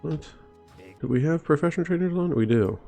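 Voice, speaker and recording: A man's voice: on the high side, expressive, a little fast, vocal fry, dark tone. A man streaming a game, rambling and wondering aloud as he plays. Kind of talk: casual gameplay commentary. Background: faint game music.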